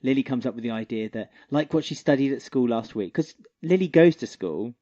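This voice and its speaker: A man co-hosting a casual podcast chat, animated and fond of acting out quoted lines. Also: medium pitch, a little fast. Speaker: podcast co-host. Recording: dull lo-fi podcast recording.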